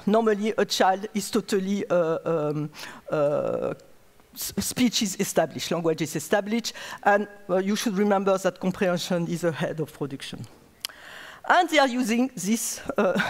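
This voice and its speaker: A woman with a French accent, a native French speaker, explaining earnestly as a neuroscientist at a conference and repeating words as she searches for them. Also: fairly high pitch. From France. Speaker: neuroscientist giving a conference talk. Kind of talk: conference lecture. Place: large conference hall. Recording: reverberant lecture hall.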